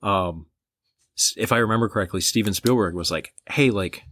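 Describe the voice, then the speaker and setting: A man's voice: lowish voice, a little fast, a bit bright, no echo. A young man from Michigan co-hosting a podcast, telling rambling stories with enthusiasm in casual chat. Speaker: podcast co-host. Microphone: podcast microphone.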